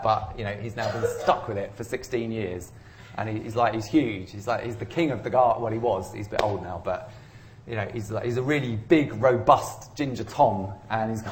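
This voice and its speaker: A man's voice: fairly low pitch, normal speed, a little hiss or hum. A man giving a university statistics lecture in a chatty, rambling way with self-deprecating humour. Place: lecture room.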